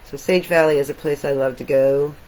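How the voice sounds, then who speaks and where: A middle-aged woman, an artist, talking casually and reflectively while showing her sketches, with soft laughs now and then. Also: deep voice, steady tone, a little fast, poor audio.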